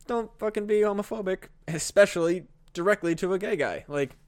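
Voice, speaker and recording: A man's voice: sits high, a little fast. A man co-hosting a comedy podcast, talking in a laid-back, sweary way. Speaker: podcast co-host. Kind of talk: casual chat.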